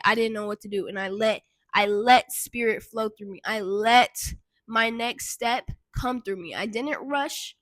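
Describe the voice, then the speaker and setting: Bright, animated young woman telling a story. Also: high voice, no echo. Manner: animated, swearing, talks straight to viewers. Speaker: vlogger and intuitive guide. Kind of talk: casual storytime vlog.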